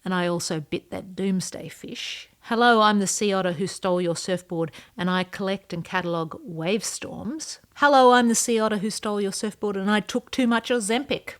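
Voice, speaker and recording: A woman's voice: mid-range voice, moderate pace, few pauses, natural voice. A woman voicing an earnest female sea otter who writes personal ads and poems, read out in the first person.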